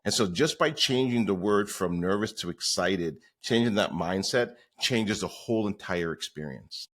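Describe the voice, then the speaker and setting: A man's voice: fairly low pitch, animated, moderate pace, a bit bright. A man guesting on a podcast, telling stories in a rambling, conversational way with many fillers. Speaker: podcast guest, real estate coach. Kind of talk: conversational storytelling.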